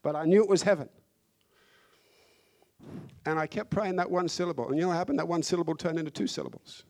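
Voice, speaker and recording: A man delivers a sermon in a fairly high voice, fervent and insistent. He hammers points home by repeating phrases and stretching out key words. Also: fast, mellow. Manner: impassioned, repeats phrases for emphasis. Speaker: preacher.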